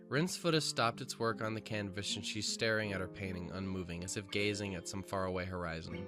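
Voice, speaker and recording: A man reading the narration of a visual novel aloud and rambling excitedly between passages as a let's-play host. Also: lowish voice, fairly quick, music in the background.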